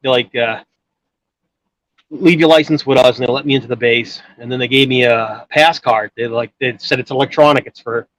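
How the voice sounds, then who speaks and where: A man's voice: medium pitch, fairly even intonation, moderate pace, fairly bright tone, no echo, rough recording. A man telling a long personal story in casual chat, rambling with many restarts and filler words. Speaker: guest storyteller.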